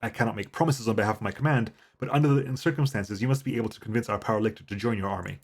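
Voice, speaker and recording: A man voicing a grim male knight messenger who speaks in a slow, measured, grave way. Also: lowish voice, slightly rough. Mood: formal.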